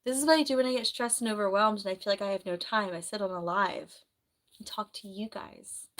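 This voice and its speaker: A woman on a casual live stream, chatting and rambling in a soft voice. She has a sore throat and keeps clearing it. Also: medium pitch, a little fast. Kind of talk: casual live-stream chat reading comments.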